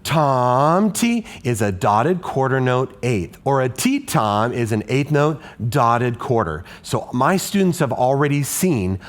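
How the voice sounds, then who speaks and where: Male music teacher, slow steady delivery, patient and questioning, walks listeners through a lesson. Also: mid-range voice. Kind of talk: explaining a classroom lesson.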